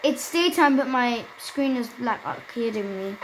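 A woman chatting excitedly to her viewers while she plays a video game. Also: on the high side, unhurried, few pauses, slight background noise, poor audio. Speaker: gaming channel host. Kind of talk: casual gameplay commentary.

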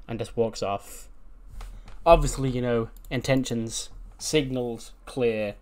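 A man's voice: medium pitch, takes it slowly, darkish tone. Casual man narrating a game. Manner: casual, many fillers. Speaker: game commentator. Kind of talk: narrating a wrestling sim playthrough.

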